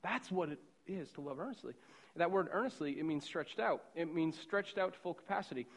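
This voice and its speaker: A middle-aged man from the Boston suburbs preaching a sermon, telling a story in a loose, conversational way and swinging from hushed to loud. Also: fairly high pitch, animated, a little fast.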